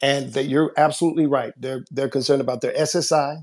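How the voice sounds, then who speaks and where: A man's voice: mid-range voice, steady tone, fairly quick, darkish tone. A man in his forties calling in to a radio show, earnest and exasperated. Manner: earnest and exasperated, quoting his own arguments with his sisters. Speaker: caller. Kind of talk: casual phone call-in.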